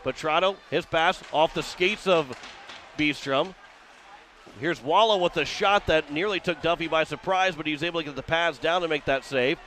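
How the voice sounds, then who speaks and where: This radio play-by-play announcer from Missouri narrates hockey in a slightly high, somewhat bright voice, over a faint hiss or hum. He describes the action in a fast, continuous stream that lifts as plays come together.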